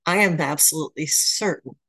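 A woman's voice: low voice, a little fast, breathy edge, dry recording. A woman sharing at a support meeting over a video call, effusive and supportive toward another member. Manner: warm-hearted, effusive.

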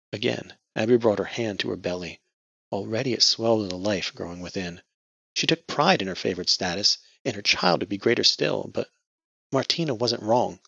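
A male audiobook narrator reads in a measured storytelling manner. His low voice is husky yet bright. The recording is dry and dull, like lo-fi audio. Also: dry recording. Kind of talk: scripted narration.

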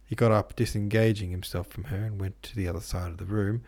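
A man narrating a classic novel as an audiobook host, in a measured, even storytelling manner. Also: fairly low pitch, gravelly, slightly rough. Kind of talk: scripted literary narration.

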